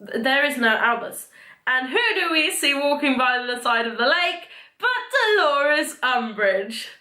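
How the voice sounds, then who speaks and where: A young woman vlogger rambling excitedly through a book recap, full of "like" and fillers. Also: high-pitched, unhurried. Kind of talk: casual book talk. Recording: echoey room.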